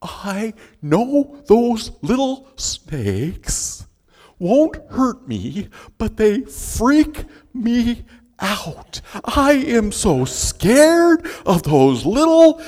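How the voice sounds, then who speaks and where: A man voicing a jittery male professor who is terrified of snakes, in a high, squealing, fearful voice. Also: big pitch swings, extremely slow, a little mellow, exaggerated voice. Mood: frightened. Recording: long hall reverb.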